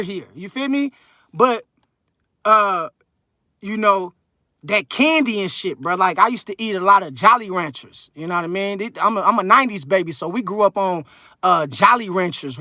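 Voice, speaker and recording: A man's voice: sits high, pushed and bright, no echo, studio quality. A man in his thirties casually chatting on a livestream and reading viewer comments, rambling and slangy with lots of fillers. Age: 30s. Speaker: livestream host reading chat. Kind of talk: casual live chat.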